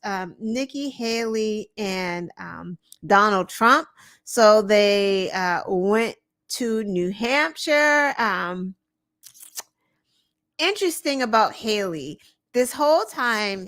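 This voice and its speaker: A woman's voice: medium pitch, a bit bright. A woman hosting a show, giving casual, sarcastic political commentary with lots of filler words. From United States. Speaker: show host.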